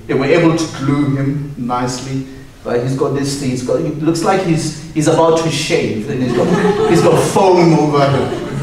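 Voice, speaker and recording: A man's voice: mid-range voice, a little hiss or hum. Man preaching in an echoey hall. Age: adult with a young son. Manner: rising to impassioned proclaiming, then quiet and reflective. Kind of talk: sermon. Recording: echoey hall from far off, faint ambience.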